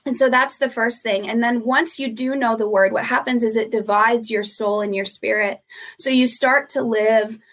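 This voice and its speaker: A woman guest teaches on a podcast in a slightly raised voice. She lays out her points in a steady, earnest way and circles back to stress them. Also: fairly high pitch, moderate pace. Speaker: ministry founder, guest.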